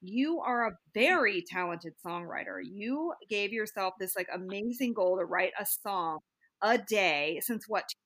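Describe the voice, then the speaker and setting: A woman's voice: medium pitch, lively intonation, a little slow, fairly bright tone, no room sound. A woman co-hosting a podcast, chatting casually and asking a guest questions, with lots of filler words. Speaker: podcast co-host. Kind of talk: casual chat.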